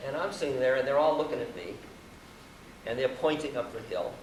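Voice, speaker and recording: A man's voice: medium pitch, brisk. Wry man telling a story. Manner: wry, self-mocking, animated storytelling. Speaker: spiritual teacher. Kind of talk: storytelling talk to an audience. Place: university hall. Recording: roomy live hall recording from far off, noisy.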